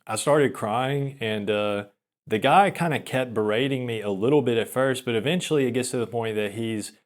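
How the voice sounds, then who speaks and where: Young guy rambling through an awkward old story, laughs at himself a lot, keeps restarting, average pitch. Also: normal speed. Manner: rambling, self-deprecating, frequent restarts and laughs. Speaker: podcaster. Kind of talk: casual storytelling monologue.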